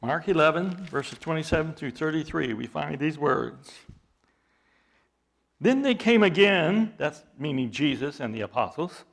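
In this expository sermon, a man reads scripture with dramatic weight and unpacks it slowly and deliberately, becoming steadily more intense. His voice is on the high side and gravelly, with lively intonation.

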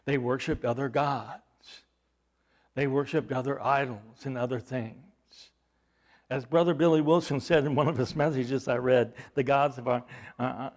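A man preaching a sermon, asking the congregation rhetorical questions and swinging from loud emphasis to hushed, low delivery. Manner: repeats words and restarts, rhetorical questions. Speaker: pastor.

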